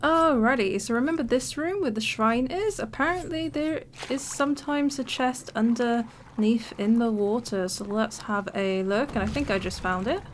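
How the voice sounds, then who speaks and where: A woman's voice: a little high, moderate pace. A woman casually commentating her own gameplay, chatty and giggly with plenty of self-mocking asides. She talks straight to her viewers over faint background noise. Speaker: let's play host.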